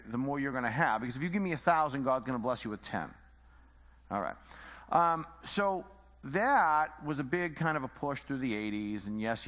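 A man's voice: medium pitch, fairly bright tone, big-room sound. A man teaching the Bible informally, conversational and full of rhetorical questions and repeated phrases.

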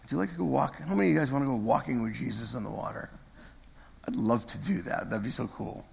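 Man, pastor, conversational sermon, mid-pitched voice, reverberant church hall. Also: fast, gravelly, slightly rough. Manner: conversational, with self-corrections and asides to the congregation. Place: church sanctuary.

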